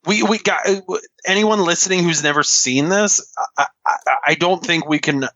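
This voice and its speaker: Stammering bright-voiced male guest. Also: high voice, moderate pace, no echo, muffled recording. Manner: stammering restarts, exasperated asides. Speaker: podcast guest. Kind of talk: casual chat.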